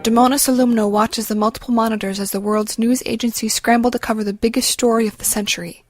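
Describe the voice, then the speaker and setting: A woman reading an audiobook in a measured, even storytelling voice, close to a studio mic. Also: on the high side, soft background music. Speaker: audiobook narrator. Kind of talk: scripted audiobook narration.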